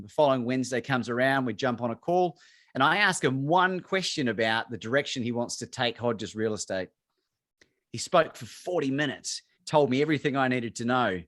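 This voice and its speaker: A man's voice: medium pitch, fairly bright tone, dry recording, clean studio sound. An Australian man, a courage coach, telling a story and acting out both sides of his phone calls. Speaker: guest speaker, courage coach. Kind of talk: storytelling talk on a video call.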